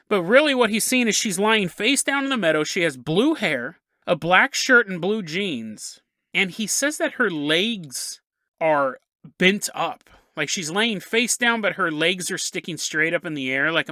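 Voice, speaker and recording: A man hosts a podcast and tells a story in a loose, jokey way, wandering into asides. His voice is bright and lively, and his pitch moves a lot. The sound is dry and close, with no room around it. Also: no echo. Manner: jokey, rambling, laughs at his own asides. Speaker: podcast host.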